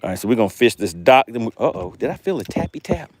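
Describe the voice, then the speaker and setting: A man's voice: mid-range voice, very animated, fast, breathy edge. Playful man hosting a fishing stream. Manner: playful, hypes catches with made-up words, reads viewer comments aloud. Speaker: fishing livestream host. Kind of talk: live-streamed fishing commentary, reading chat. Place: outdoors on a boat on a lake.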